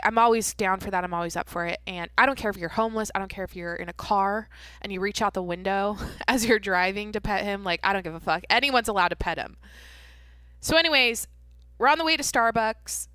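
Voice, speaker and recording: A woman's voice: mid-range voice, fairly quick, sharp tone, clear, resonant tone, no echo. A young adult woman hosting a podcast, telling a story in rambling casual chat, swearing freely with many fillers and restarts. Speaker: podcast host.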